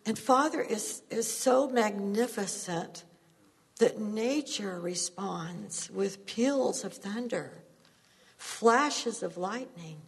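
Husky-voiced woman giving a sermon, storytelling, long echo from the hall. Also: mid-range voice, animated, slow. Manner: earnest, storytelling, laughs at herself. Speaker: preacher.

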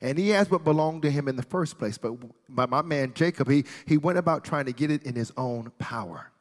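A man preaching an animated storytelling sermon, with playful asides, who builds up to shouting. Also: fairly high pitch, fairly quick, big-room sound.

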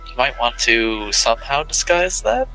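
A man's voice: mid-range voice, very animated, normal speed, sharp tone, soft background music, rough recording. A man playing a tabletop game, asking questions in a hesitant way.

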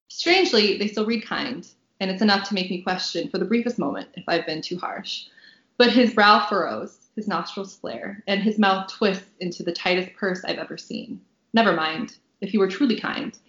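A woman author reading a passage from her own novel aloud on a podcast, bubbly and quick to laugh between lines. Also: medium pitch, fairly bright tone, reverberant, lo-fi sound. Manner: bubbly, laughs often, reads with dry punchy delivery.

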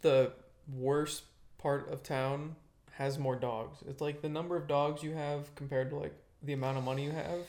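A man in casual chat, adding wry dark jokes and retelling a video. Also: a little high, steady tone, moderate pace.

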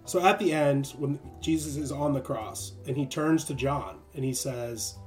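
A young man in casual conversation about faith, animated and laughing often, acting out quick voices. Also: mid-range voice, soft background music.

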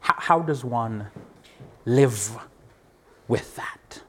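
A man giving a reflective public talk, earnest and animated, often laughing and checking in with his listeners, sometimes dropping to a hushed near-whisper for emphasis. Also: mid-range voice, extremely slow, slightly rough. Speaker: speaker.

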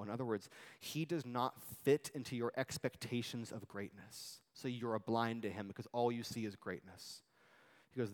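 A man preaching a sermon in an everyday, chatty way, swinging between lively asides and quiet, drawn-out quotations. His voice sits at a middling pitch. A long reverb hangs in the hall around him. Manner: conversational preaching, animated asides and dramatic quotes. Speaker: pastor.

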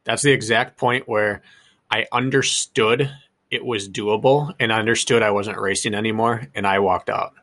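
A man's voice: lowish voice, steady tone, normal speed, fairly bright tone. A man hosting an interview, who reflects on his own racing before he asks a question. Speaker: podcast host, ultrarunner. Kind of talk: conversational interview.

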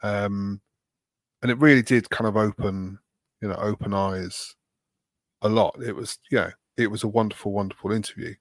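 A man's voice: lowish voice, steady tone, normal speed, dry recording, studio quality. A man from England co-hosting a casual podcast chat, rambling and self-deprecating with plenty of fillers. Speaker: podcast co-host.

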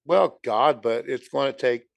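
A man with a heavily gravelly, creaky voice chats casually on a podcast. He rambles and keeps saying "dude," and the sound is dry and close. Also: mid-range voice, measured pace, dry recording. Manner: rambling, conversational, says "dude". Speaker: podcast co-host. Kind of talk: casual chat.

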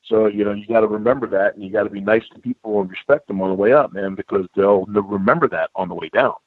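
An older man telling stories in a casual chat, animated, often calling the listener bro and man. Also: lowish voice, quick pace, no room sound. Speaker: guest. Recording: dry tinny phone-like line.

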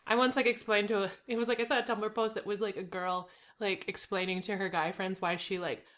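A woman in a relaxed conversation who tells anecdotes in a chatty, rambling way. She fills her sentences with "like" and acts out what others said. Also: medium pitch, brisk. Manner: chatty, fills her speech with "like" and retells exchanges in quoted voices. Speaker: co-host. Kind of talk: casual chat.

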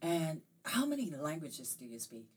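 Give me a husky, very low-voiced woman interviewer. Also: sing-song, moderate pace, a little mellow. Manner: laughs often, stumbles and repeats words. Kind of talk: casual interview.

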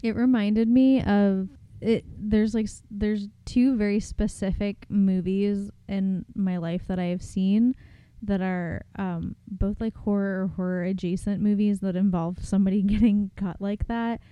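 Woman co-host, smooth mellow voice, dry close mic, deadpan quips. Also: medium pitch, a little slow, no echo. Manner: jokey asides and deadpan teasing. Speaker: podcast co-host. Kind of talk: casual chat.

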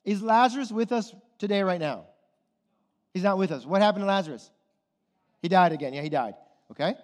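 High-voiced pastor preaching in a hall. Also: male voice, lively intonation, brisk. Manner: rhetorical questions to the congregation, frequent "okay?" and "right?". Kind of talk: sermon. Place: church hall. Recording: long hall reverb.

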